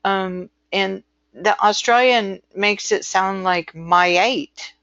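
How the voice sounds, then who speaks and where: A woman's voice: medium pitch, fairly even intonation, gravelly, a bit bright, clear, resonant tone, no room sound, highs cut off. An American woman giving a recorded lecture as an instructor, chatty and full of fillers. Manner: chatty, filler-heavy, slow and deliberate.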